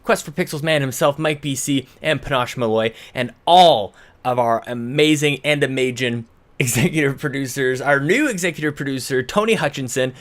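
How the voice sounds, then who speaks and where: A man opens his podcast episode with casual chatter that rambles from thought to thought. He keeps correcting himself mid-sentence and sounds a little out of breath. His voice sits at an ordinary middle pitch for a man. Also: normal speed. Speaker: podcast host. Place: home in British Columbia.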